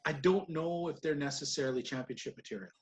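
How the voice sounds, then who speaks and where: A man's voice: on the high side, fast talker. A man co-hosting a podcast, recapping wrestling matches in casual, rambling chat and laughing often. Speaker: podcast co-host.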